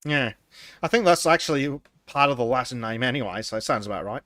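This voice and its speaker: A man's voice: medium pitch, animated, a little fast, bright, forceful tone, no echo. Chuckling man reading out chat comments. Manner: laughs often, stumbles and restarts. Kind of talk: casual podcast chat.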